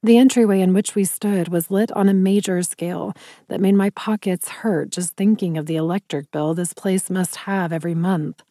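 A woman narrating a first-person fantasy audiobook in a measured, wry storytelling manner. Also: fairly low pitch, steady tone, warm tone, no echo, studio quality.

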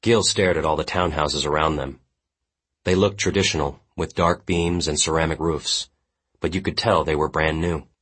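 A man with an extremely low, husky, breathy voice narrates an audiobook of literary fiction. The reading is scripted, steady, measured and solemn.

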